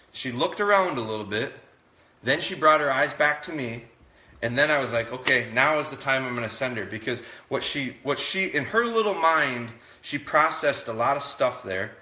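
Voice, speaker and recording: A man talking viewers through a live dog training session in a relaxed, explaining way, indoors. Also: medium pitch, roomy sound.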